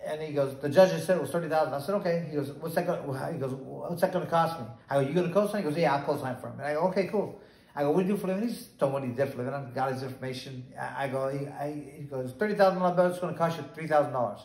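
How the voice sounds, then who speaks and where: A man's voice: on the high side, rapid-fire, a little mellow, echoey room, rough recording. Talkative middle-aged man, rambling story. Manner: rambling, acts out both sides of dialogue. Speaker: former boxer, bail bondsman. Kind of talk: casual storytelling interview.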